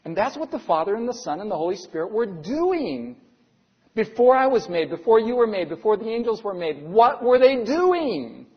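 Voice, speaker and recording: High-voiced preacher in an echoing hall. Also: male voice, sing-song, brisk, slightly rough. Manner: earnest, asks the audience rhetorical questions. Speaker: pastor. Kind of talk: sermon. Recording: dull lo-fi sound with long hall reverb.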